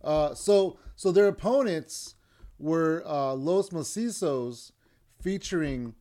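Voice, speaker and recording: A man's voice: on the high side, takes it slowly, warm tone. A man hosting a podcast, casually recapping a show in a rambling way, losing his place now and then and acting out what people said. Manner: rambling, loses his place, acts out quotes. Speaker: podcast host.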